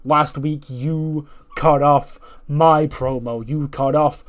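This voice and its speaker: A man voicing a self-important male wrestler demanding an apology, slow and emphatic. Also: on the high side, fairly even intonation. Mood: indignant. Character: vain, aggrieved male wrestler demanding respect.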